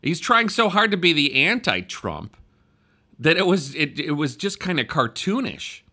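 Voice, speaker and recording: A man hosting an opinion podcast, sarcastic and loud by his own account. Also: fairly high pitch, big pitch swings, a little slow. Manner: sarcastic, self-described loudmouth. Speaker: podcast host.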